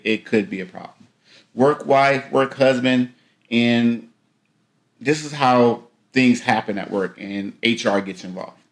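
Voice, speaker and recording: A man's voice: fairly low pitch, creaky, a bit bright. A man hosting a podcast, giving casual, rambling reaction commentary with many repeated phrases and fillers. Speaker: podcast host.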